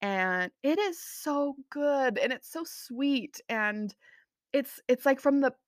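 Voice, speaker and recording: A woman's voice: high voice, lively intonation, slow pace, dry recording, studio quality. A young adult woman hosting a casual solo podcast, gushing and bubbly, often laughing at herself. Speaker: podcast host.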